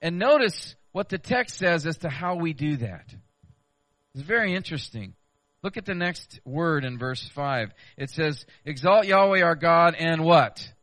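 A man preaches an expository sermon in a bright, forward voice pitched a little high. He works through the text earnestly, asking his listeners rhetorical questions. The sound is dry and close. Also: expressive, measured pace, no room sound. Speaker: pastor.

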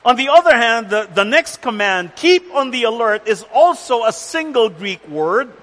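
A male pastor delivers a sermon with a high, bright, ringing voice. He speaks deliberately and with emphasis, repeating key words. The sound carries a long hall reverb. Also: big pitch swings. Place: church center with rain on the roof.

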